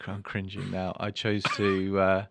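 A man's voice: deep voice, completely flat delivery, measured pace, creaky, no room sound. A man being interviewed as an author, talking casually and hesitantly, with many restarts and fillers. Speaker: author and guest.

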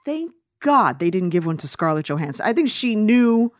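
A woman's voice: medium pitch, sing-song, normal speed, no room sound, clean studio sound. A woman chatting casually and ranting about a film, full of fillers and restarts. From United States. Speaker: podcast co-host reviewing a film. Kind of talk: casual opinionated chat.

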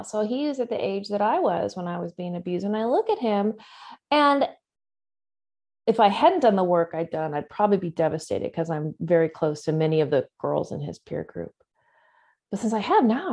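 A woman's voice: mid-range voice, darkish tone. A woman in her forties, an interview guest speaking candidly and earnestly about her own life, with wry asides. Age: 40s.

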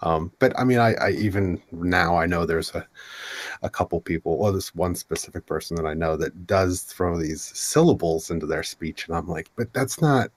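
A man hosting a casual interview, friendly and halting, often restarting his sentences. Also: deep voice, fairly even intonation. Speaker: host.

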